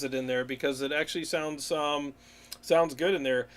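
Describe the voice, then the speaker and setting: A man's voice: on the high side, fairly even intonation, moderate pace. A man hosting a live amp Q&A stream, talking casually and enthusiastically with many fillers and restarts. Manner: reads viewer comments aloud and laughs along.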